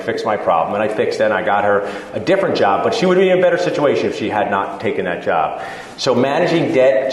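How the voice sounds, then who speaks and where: Joking dentist in an echoey hall. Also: male voice, mid-range voice, a little hiss or hum. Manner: casual, joking, acts out patient dialogues. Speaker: dentist speaking to dental students. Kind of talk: conference talk. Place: large lecture hall. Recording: echoey hall with long reverb.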